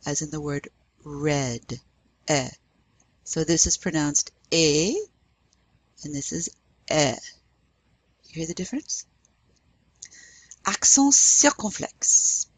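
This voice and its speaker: A woman professor works through a French lesson, spelling out letters and guiding pronunciation with patience. Her voice sits a little low, and she speaks at an unhurried, deliberate pace. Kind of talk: language lesson.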